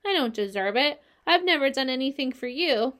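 Storybook pig, young and male, earnest and emotional, high voice that pleads and cries out, read by a woman. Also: lively intonation, moderate pace, fairly bright tone. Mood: tender.

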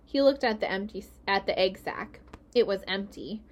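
A woman reading a children's novel aloud in a gentle storytelling voice. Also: medium pitch, normal speed. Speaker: reader.

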